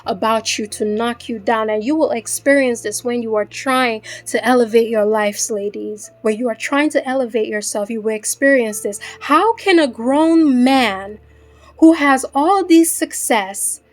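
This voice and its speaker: Earnest higher-voiced woman giving a pep talk. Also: measured pace. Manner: earnest, repetitive, speaks straight to the listener as "ladies"; faith-driven encouraging tone. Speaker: faceless vlogger speaking to women. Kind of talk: heartfelt motivational chat.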